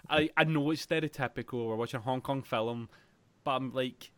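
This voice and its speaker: Animated podcaster, dry mic. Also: male voice, mid-range voice, fairly quick, no echo. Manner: animated, laughs often, acts out scenes loudly. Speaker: podcast co-host. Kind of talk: casual film chat.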